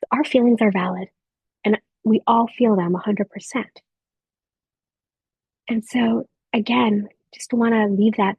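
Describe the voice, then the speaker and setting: A woman in her thirties giving a gentle motivational talk to a live audience of mothers, speaking softly with reflective pauses. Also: mid-range voice, creaky, breathy edge, no echo, highs cut off. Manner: soft, warm encouraging delivery with reflective pauses.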